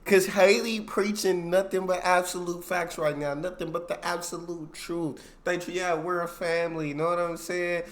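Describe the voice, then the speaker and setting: A man hosting a reaction video who pauses it to react with emphatic, preachy comments and gets loud and high when worked up. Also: steady tone.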